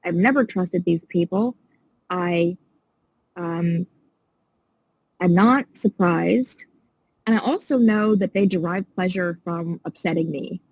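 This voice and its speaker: Passionate indignant woman with a husky voice. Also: on the low side, slow pace, long pauses, darkish tone, no echo, low-quality recording. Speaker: podcast guest. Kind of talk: casual interview chat.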